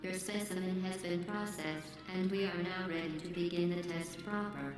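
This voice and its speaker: A woman voicing GLaDOS, a cold, polite female AI who runs a test lab, speaking in a calm, formal announcer manner. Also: fairly low pitch, normal speed, close to an everyday voice. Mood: coolly formal. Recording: heavily echoing game audio with music.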